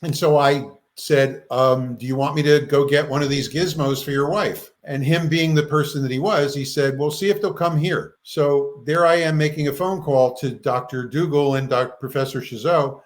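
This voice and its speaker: Male interview guest, higher voice, animated storyteller who acts out the quotes. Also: normal speed, hardly any pauses, rough recording. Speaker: guest researcher.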